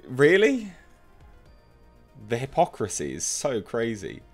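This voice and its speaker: A man with a fairly low voice delivers opinionated commentary for an online video. He reads out comments and mocks them, emphatic and scornful. Faint music sits quietly under his voice. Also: expressive, normal speed. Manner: mocking, emphatic, laughs at commenters. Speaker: commentary youtuber.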